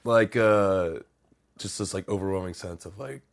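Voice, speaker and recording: A man's voice: sits low, normal speed, vocal fry. A man hosting an interview, asking enthusiastic, loosely phrased questions. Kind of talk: casual interview chat.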